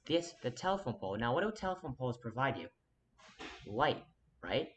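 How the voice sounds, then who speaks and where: Man of average pitch for an earnest, meandering to-camera rant, with a light hiss underneath. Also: big pitch swings, a little fast, fairly bright tone. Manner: rambling, restless, frequent restarts and sudden emphatic jumps; earnest, insistent, addresses viewer directly. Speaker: vlogger. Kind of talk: rambling to-camera monologue.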